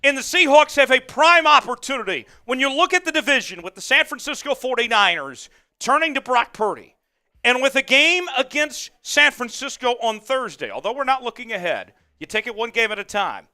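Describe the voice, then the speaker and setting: A man's voice: very high voice, very animated, a little fast, bright, forceful tone, smooth. Amped-up man hosting a live game stream. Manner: amped, hyped, calls plays and reads chat. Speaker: host. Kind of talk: live sports watch-along stream.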